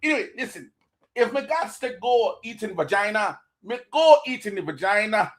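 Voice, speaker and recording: A man's voice: high-pitched, sing-song, moderate pace. A man doing a put-on Jamaican accent as a brash, tipsy island man, rambling in crude pidgin-like talk. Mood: rowdy. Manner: rambling, boastful, pidgin-like "me" speech. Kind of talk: comic bit on a livestream.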